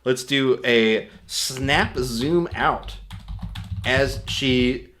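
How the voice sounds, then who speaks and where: Casual, rambling male tutorial host of medium pitch who corrects himself as he explains. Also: extremely slow, fairly bright tone. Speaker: host demonstrating an AI video tool. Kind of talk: casual screen-recorded tutorial.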